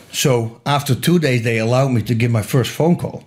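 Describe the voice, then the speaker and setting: A middle-aged man tells a wild story in a casual interview, animated and quick to laugh. His voice sits at an ordinary male pitch, and he stumbles and restarts as the story runs ahead of him. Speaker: guest telling a story. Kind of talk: casual anecdote telling.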